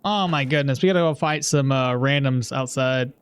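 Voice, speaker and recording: A man's voice: mid-range voice, moderate pace, smooth. Rambling, chuckling male game streamer. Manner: rambling, chuckling, swears casually. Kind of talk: casual live gameplay commentary.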